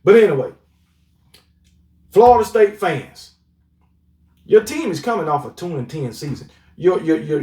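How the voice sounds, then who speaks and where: High-voiced man ranting about sports, echoey. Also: a little mellow, far from the mic. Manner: trash-talking, repeats "come on, man". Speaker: sports commentary vlogger. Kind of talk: opinionated sports rant. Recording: roomy echo, voice off-mic.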